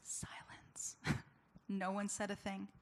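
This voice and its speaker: A woman's voice: mid-range voice, moderate pace, a bit bright, slight background noise. A woman giving a personal testimony as a public speaker, telling her story candidly and conversationally with many casual fillers.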